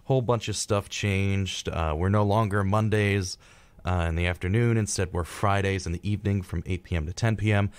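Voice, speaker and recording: A man's voice: low-pitched, steady tone, moderate pace, clean tone, dry recording. A young man co-hosting a college radio show in casual chat, laughing and stumbling over his words, on a studio microphone.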